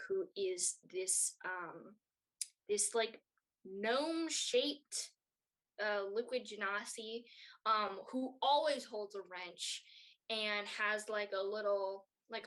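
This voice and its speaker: Slow, rambling woman game master. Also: mid-range voice, fairly bright tone, low-quality recording. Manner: rambling, many fillers. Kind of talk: narrating a tabletop game.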